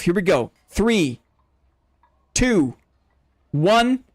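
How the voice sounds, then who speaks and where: A man's voice: on the high side, lively intonation, measured pace, dry recording, studio quality. A man hosting a live game stream, playfully teasing his chat and calling in-game fights like an announcer. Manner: builds hype like a fight announcer.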